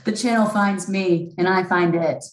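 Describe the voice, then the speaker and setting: A woman with a Southeast Missouri accent doing an impression of a famous female startup founder, delivered mock-seriously and deliberately. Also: fairly low pitch, fairly even intonation, lightly acted. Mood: mock-solemn. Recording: roomy echo.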